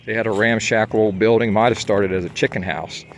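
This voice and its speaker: A man's voice: lowish voice, fairly even intonation, fairly quick, a little hiss or hum. A man talks to his viewers while out on a hike, rambling casually with many fillers and restarts. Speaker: vlogger. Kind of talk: casual walking monologue. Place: outdoors on a hike.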